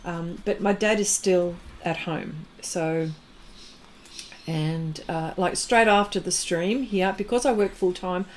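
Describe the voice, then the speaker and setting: A woman's voice: on the low side, slow pace, a little hiss or hum. Chatty Australian woman, middle-aged. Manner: rambling, chatty, many fillers and restarts. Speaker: artist livestream host. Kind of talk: casual chat with live viewers.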